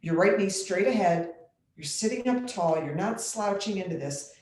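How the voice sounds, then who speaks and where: A woman yoga instructor guiding a chair yoga class with calm, step-by-step instructions, clearing her throat now and then. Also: mid-range voice, normal speed. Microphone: computer mic. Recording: very echoey room on a computer mic.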